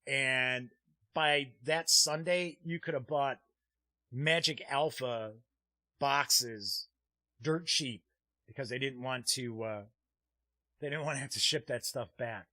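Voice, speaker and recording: A man's voice: medium pitch, takes it slowly, pauses often, pushed and bright, no echo. A man hosting a live-streamed tabletop gaming show, chatting casually and rambling with frequent "uh" fillers as he reads viewer comments aloud. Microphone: streaming desk mic.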